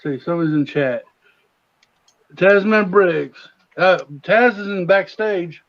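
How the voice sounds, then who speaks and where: Co-host guy being reassuring, laughs a lot, slightly high voice, muffled lo-fi audio. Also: takes it slowly. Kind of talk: casual livestream chat. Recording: dull lo-fi sound.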